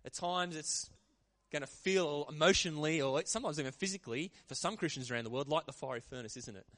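A man preaching a sermon in a lively, conversational way. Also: a little high, fast. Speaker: pastor.

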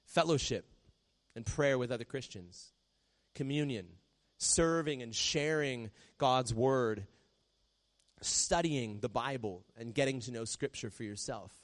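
A man preaching a sermon in a conversational way, often dropping to a soft hush when he quotes a prayer. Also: mid-range voice, unhurried. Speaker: pastor.

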